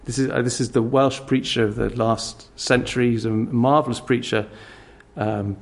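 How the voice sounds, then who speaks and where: A man's voice: mid-range voice, fairly even intonation, moderate pace, creaky. A middle-aged man preaching a sermon, earnestly pressing his listeners with repeated direct questions. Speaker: pastor.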